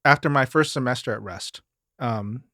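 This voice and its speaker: A man from Mississippi, a guest singer in a casual podcast talk, telling lively stories and acting out the people he quotes. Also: mid-range voice, normal speed, no room sound, clean studio sound. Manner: animated storyteller, acts out quoted voices.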